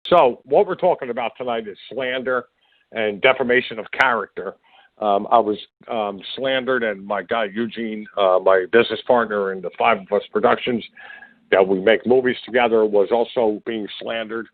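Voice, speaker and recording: This podcast host, a man with a lowish voice speaking at a moderate pace, furiously insults his targets in a stumbling, meandering rant. His audio has no room sound and a dry, phone-like lo-fi quality.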